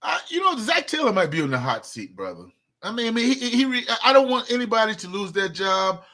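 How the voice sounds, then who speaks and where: A man's voice: high voice, big pitch swings, quick pace, pushed and bright. A man co-hosting a sports talk show, arguing emphatically and repeating words as he gets going. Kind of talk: casual sports debate.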